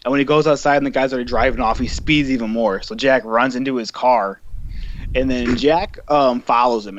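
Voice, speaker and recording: Profane young man telling a story. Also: medium pitch. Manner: animated, profane, acts out quotes. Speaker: podcast co-host. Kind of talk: casual storytelling chat. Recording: dull lo-fi podcast mic with faint hiss.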